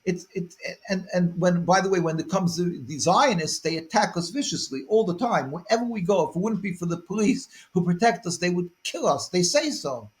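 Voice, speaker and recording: A high-voiced man, a rabbi, answers interview questions in long earnest stretches. He repeats words while finding his thought and then presses his points with force. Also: expressive, a little fast, hardly any pauses. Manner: rises to forceful emphasis.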